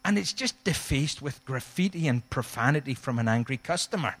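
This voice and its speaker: Pastor telling a humorous story. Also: male voice, medium pitch, a little fast. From Scotland. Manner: humorous, animated storytelling with acted-out quotes. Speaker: guest pastor. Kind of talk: storytelling sermon.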